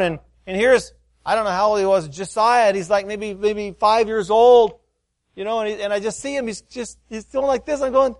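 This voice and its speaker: A middle-aged man preaching a sermon, often repeating words and rising to loud, fervent heights as he tells a story. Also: extremely high pitch, brisk, no room sound, clean studio sound.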